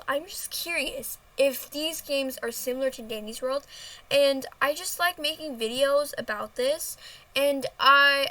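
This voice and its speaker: Chatty high-voiced woman gamer. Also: bright, forceful tone, rough recording. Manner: rambling, self-correcting, chatty. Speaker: gaming video host. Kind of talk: casual gameplay commentary.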